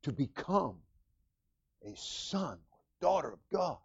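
A man preaches a sermon as senior pastor in a church. His voice sits high and gravelly and swings widely as he calls out to the congregation. The recording sounds muffled and lo-fi. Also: slow. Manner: animated preaching with call-outs to the congregation.

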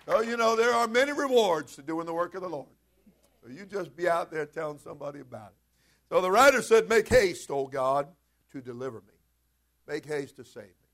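A man preaching a sermon as pastor, energetic, telling stories and building to loud, emphatic preaching. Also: a little high, brisk, some chatter behind.

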